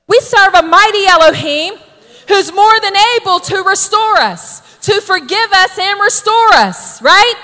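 High, bright-voiced woman preaching. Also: animated, measured pace, in a large hall. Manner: emphatic, exhorting, rising to shouted calls. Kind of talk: sermon.

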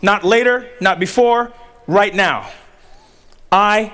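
A man giving a commencement sermon, driving points home with rhythmic repetition and pauses. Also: high voice, a bit bright. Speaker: commencement speaker.

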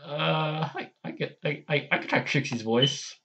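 A man's voice: a little high, a little slow, fairly bright tone. A man hosting a casual vlog, hesitant and self-deprecating as he tries out character voices. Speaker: channel host.

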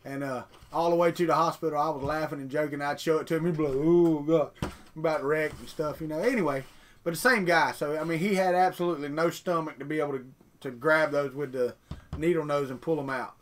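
Man, middle-aged, folksy, rambling, casual live chat, slightly raised pitch. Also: fairly even intonation, fast talker. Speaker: 3D printing vlogger reading chat.

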